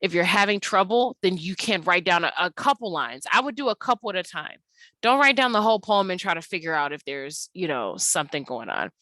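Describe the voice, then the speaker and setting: A young adult woman teacher talking through a recorded slide lesson at an unhurried pace, with many ums and uhs. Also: lowish voice, lively intonation, bright, forceful tone, dry recording.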